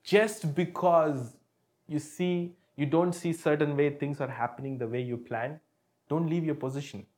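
Preaching man with lively swings. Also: on the high side, unhurried. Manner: storytelling with sudden swings in loudness, calling out "come on now". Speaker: pastor. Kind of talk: sermon.

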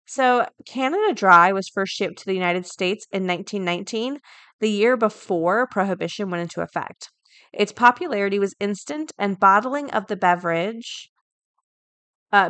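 A woman hosting a daily podcast, chatting casually and reading an article aloud, thinking out loud as she goes. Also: medium pitch, moderate pace, no echo. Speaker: podcast host.

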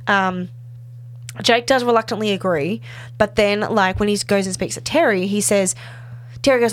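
Her mid-range voice moves at a normal speed with frequent pauses as this woman recaps a TV episode in a casual podcast chat, acting out the characters' dialogue in a lively retelling.

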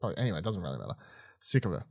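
A man's voice: sits low, big pitch swings, very fast, creaky, a little mellow, no echo, clean studio sound. A man co-hosting a podcast, reviewing an episode in casual chat, exasperated, swearing and laughing often. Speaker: podcast co-host.

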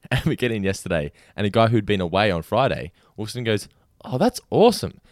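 A young man in casual chat as a podcast co-host, telling animated anecdotes and laughing often. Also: on the low side, quick pace, dry recording, studio quality.

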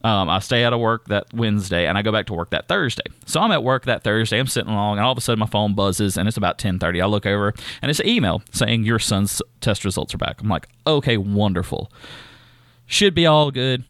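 Rambling low-voiced podcast host. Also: male voice, quick pace, hardly any pauses, a bit bright, dry recording, clean studio sound. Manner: rambling, restarts often. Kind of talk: casual chat.

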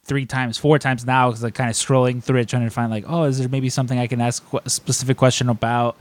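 A man's voice: medium pitch, level tone, fast, dry recording. A young man co-hosting a podcast, telling stories in a rambling casual chat with lots of fillers and restarts. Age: young adult. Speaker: podcast co-host.

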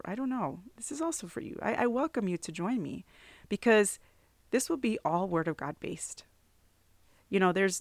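A woman's voice: on the low side, dry recording. A woman hosting a faith podcast, talking earnestly and from the heart to her listeners, with frequent "you know" fillers. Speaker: podcast host.

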